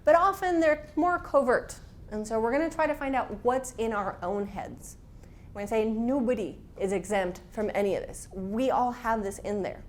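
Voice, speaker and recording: A woman's voice: medium pitch, a little hiss or hum. Frank, casual woman instructor. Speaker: workshop instructor. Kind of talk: classroom talk with personal stories.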